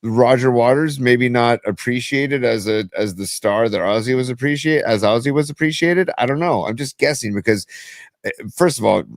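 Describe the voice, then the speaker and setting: A man's voice: medium pitch, moderate pace, no room sound. A man, co-hosting a casual podcast chat, rambling and musing as he talks. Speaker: podcast co-host.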